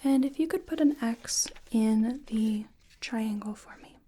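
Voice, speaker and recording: A woman in a whispered role-play as a clinician, giving gentle, patient step-by-step instructions in a soft, breathy whisper. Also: a little high, unhurried. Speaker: ASMR artist playing a clinician giving cognitive tests.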